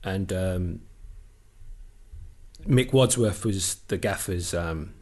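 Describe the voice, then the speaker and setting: A middle-aged man, a former footballer, telling animated stories as a podcast guest and swearing freely. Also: low voice, slow. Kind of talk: casual storytelling interview.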